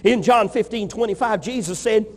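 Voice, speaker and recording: High-voiced preacher man, emphatic. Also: normal speed, big-room sound. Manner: emphatic, rhythmic repetition. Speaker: pastor. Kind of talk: sermon.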